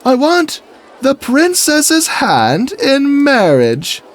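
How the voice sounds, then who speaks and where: A man voicing a pompous knight in a goofy gate skit, with grand drawn-out proclamations. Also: extremely high pitch, huge pitch swings, voice pushed up, exaggerated voice.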